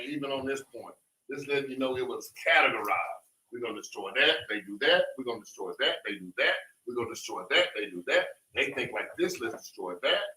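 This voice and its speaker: A man's voice: mid-range voice, sharp tone, far from the mic. A man chiming in during a Bible class with loose, rambling commentary. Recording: echoey room, off-mic.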